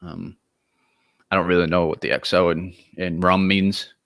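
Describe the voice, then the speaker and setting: Deep-voiced easygoing male podcast host. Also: little pitch movement, moderate pace, vocal fry, fairly bright tone. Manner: easygoing, hesitant, lots of restarts. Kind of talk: casual podcast chat.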